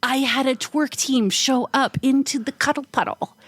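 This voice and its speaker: A woman co-hosting a podcast, telling a casual story full of "like" fillers and acting out quoted voices with big jumps in pitch. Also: fairly even intonation, moderate pace, fairly bright tone, dry recording. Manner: frequent "like" fillers. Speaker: podcast co-host.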